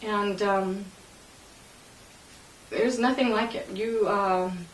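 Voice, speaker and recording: A woman interviewee recalling a painful memory, halting and emotional, with many fillers and laughing through tears. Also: mid-range voice, a little hiss or hum. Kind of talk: personal recollection in an interview. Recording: roomy, distant mic.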